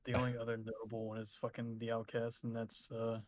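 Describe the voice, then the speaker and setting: A man's voice: medium pitch, monotone, fairly quick, no room sound. A man chatting casually on a podcast, blunt and swearing. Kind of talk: casual chat.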